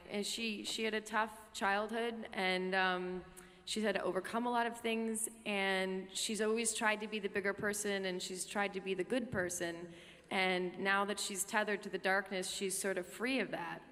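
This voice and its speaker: A woman's voice: mid-range voice, steady tone, normal speed, a bit bright. A woman actress answering a fan question on a panel, thoughtful and hesitant, with many fillers. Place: large convention hall. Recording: echoey convention hall.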